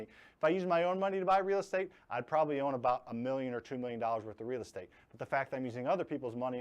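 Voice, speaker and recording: Blunt man teaching investing. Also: mid-range voice. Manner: blunt, joking, leans hard on key words. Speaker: host teaching real estate investing. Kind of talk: live online training talk.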